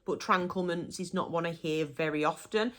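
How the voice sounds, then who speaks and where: A woman's voice: lowish voice, normal speed, fairly bright tone. A young woman with a Black Country accent, chatting casually and giggling as she explains her local dialect. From Black Country, England. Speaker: vlogger.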